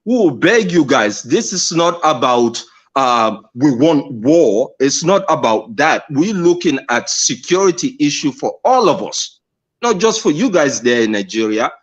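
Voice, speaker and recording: A man from Sierra Leone with a Sierra Leonean accent, speaking earnestly and emphatically as a caller in a live discussion, repeating phrases and pausing on fillers. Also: fairly high pitch, big pitch swings, husky, lo-fi sound. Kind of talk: impassioned call-in discussion.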